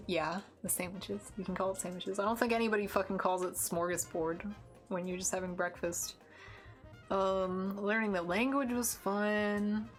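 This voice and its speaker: A young American woman streaming, chatting casually while she draws, rambling with lots of fillers and restarts. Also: on the low side. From United States. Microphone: desk mic with headphones.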